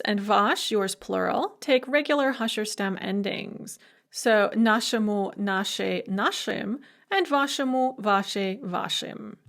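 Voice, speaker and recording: A woman's voice: a little high, fairly bright tone. A middle-aged woman giving a recorded university language lecture, methodically listing word forms one after another.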